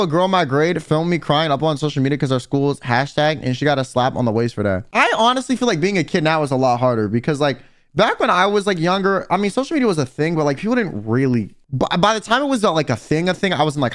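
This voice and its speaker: Young man, storytime rant, lively pitch, slightly high voice, cursing, casual slang. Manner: profane, animated, casual slang. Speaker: vtuber and livestreamer.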